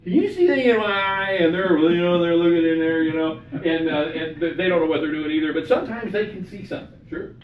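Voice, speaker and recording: A male pastor talks through scripture with a small group in a casual, repetitive way, often checking in with his listeners. His voice sits a little high. He is far from the mic in a reverberant room with faint background noise. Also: fairly even intonation, quick pace, few pauses, a little mellow. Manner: conversational, repeats himself, checks in with "all right?". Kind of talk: teaching a Bible study.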